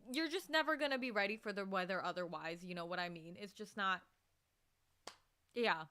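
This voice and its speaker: A woman's voice: mid-range voice, sing-song, moderate pace, long pauses, bright, forceful tone, smooth. A woman livestreamer chatting casually with her viewers and reading their messages, laughing easily and getting worked up. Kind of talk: casual live-stream chat.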